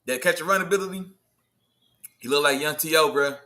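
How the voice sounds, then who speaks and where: A man hosting a casual sports livestream, talking in loose slang, riffing and answering his chat in an animated way. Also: fairly high pitch, fairly quick. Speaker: livestream host.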